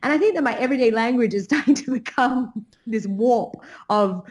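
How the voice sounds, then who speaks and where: Podcast guest: young Australian woman, accent softened by years abroad, laughs through her sentences, voice on the higher side. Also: fairly quick. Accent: Australian, partly Americanized. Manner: giggly, laughs often between phrases. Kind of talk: casual chat.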